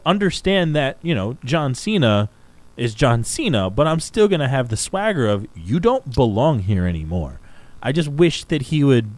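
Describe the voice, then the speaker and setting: Animated man in casual podcast chat. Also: no echo, low-quality recording. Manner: animated, swearing, pitch jumping up when excited. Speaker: podcast co-host.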